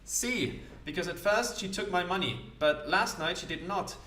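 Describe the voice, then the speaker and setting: A man's voice: high voice, moderate pace, bright, forceful tone, a little hiss or hum, voice pushed up. A man voicing a wiry young male Spanish seaman with a put-on Spanish accent, passionate and lilting. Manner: passionate, lilting, sprinkled with foreign phrases. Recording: roomy sound, distant mic.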